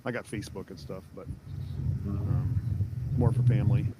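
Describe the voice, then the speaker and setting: A man's voice: on the low side, steady tone, moderate pace, heavy background noise. A man from Pennsylvania co-hosting a live reselling chat, chatty with joking asides. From Lancaster, Pennsylvania. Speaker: co-host. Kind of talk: casual live-stream chat.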